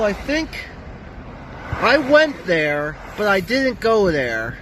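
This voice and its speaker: Man with a lively, high voice. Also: slow pace, background noise. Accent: New Jersey. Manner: rambling, talks to a cat in a high coo. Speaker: vlogger. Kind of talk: casual driving vlog commentary.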